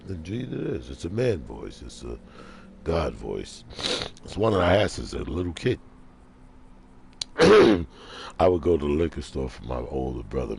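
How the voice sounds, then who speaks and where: A man ranting preachily in a casual monologue, talking low and quietly at home in the early morning. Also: vocal fry, a little hiss or hum. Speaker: vlogger.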